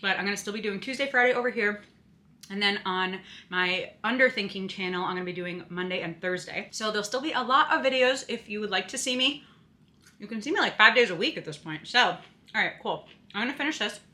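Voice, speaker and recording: Bright-voiced chatty young woman vlogger. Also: mid-range voice, brisk. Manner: chatty, lots of "like" and "you know". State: out of breath. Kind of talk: casual vlog chat.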